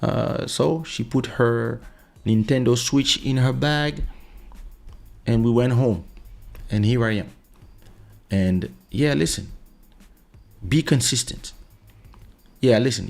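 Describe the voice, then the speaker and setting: A man's voice: mid-range voice, measured pace, creaky, pauses often, darkish tone, faint music behind. A middle-aged man hosting a podcast, talking casually and telling a story, often saying "listen". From France. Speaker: podcast host. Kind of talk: casual monologue.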